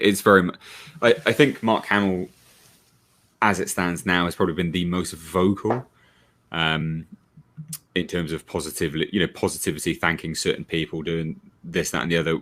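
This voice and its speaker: A man with a very deep voice speaks as a panel guest on a live stream. He starts and restarts phrases and repeats words while he works out his point. His delivery is halting and unpolished. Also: fairly even intonation, fairly bright tone. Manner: hesitant, repeating words as he gathers thoughts.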